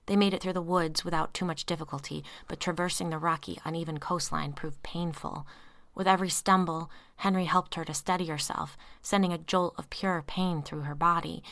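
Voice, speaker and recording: A woman narrating a story aloud, reading tense dialogue in hushed whispers. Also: lowish voice. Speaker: audiobook narrator. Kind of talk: scripted narration.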